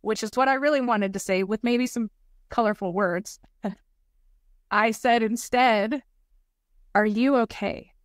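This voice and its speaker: A woman's voice: fairly high pitch, unhurried, long pauses, dry recording, clean studio sound. Earnest woman telling heartfelt stories. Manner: heartfelt, repeats motivational phrases. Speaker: podcast guest, nonprofit founder. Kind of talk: earnest personal storytelling.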